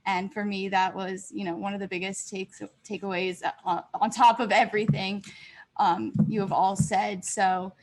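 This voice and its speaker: A woman moderating a panel on a video call, measured and appreciative. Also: medium pitch, level tone, poor audio. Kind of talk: wrapping up a panel.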